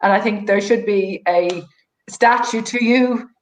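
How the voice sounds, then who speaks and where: Woman participant, mid pitch, admiring, echoey room sound. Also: measured pace. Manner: warm, admiring. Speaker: participant joining the conversation. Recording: roomy echo.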